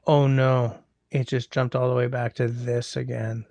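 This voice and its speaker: A man hosting a casual livestream from a close mic, chatty and rambling with wry asides to his viewers. His voice is gravelly at a middle pitch, and the sound is dry and close. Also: fairly even intonation, moderate pace, darkish tone, dry recording. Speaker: livestream host reading chat.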